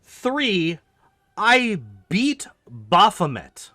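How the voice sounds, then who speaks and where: Extremely slow and high-pitched, a young male gamer delivers animated, profane rants as casual stream commentary, peppered with "like." The recording is dry and studio quality.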